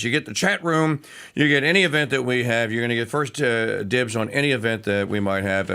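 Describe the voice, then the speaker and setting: A man hosting a morning radio and TV talk show, chatting and plugging memberships in an animated way. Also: medium pitch, creaky.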